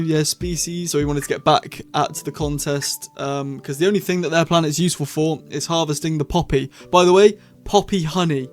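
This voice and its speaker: A man's voice: on the high side, a little mellow. A man talking casually in a solo review, rambling with self-corrections and apologetic asides. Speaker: YouTube reviewer.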